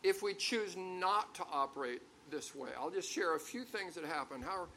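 A man's voice: high voice, expressive, normal speed, bright, forceful tone, a little hiss or hum. An older man preaching a sermon to a congregation, talking conversationally with stories and then building to emphatic peaks. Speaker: pastor.

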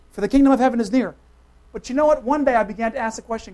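A preacher delivering a sermon in an emphatic, conversational way. The voice swings from loud, forceful declarations to quiet, hushed asides, often turning to the congregation with quick questions. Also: high-pitched.

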